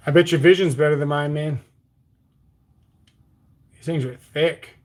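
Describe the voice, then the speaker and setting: A man's voice: on the high side, steady tone, measured pace. Laid-back Bermudian man chatting on stream. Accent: Bermudian mixed with Texas country. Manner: reads viewer comments aloud and answers in a loose, joking way. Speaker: livestream host. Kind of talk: casual livestream chat.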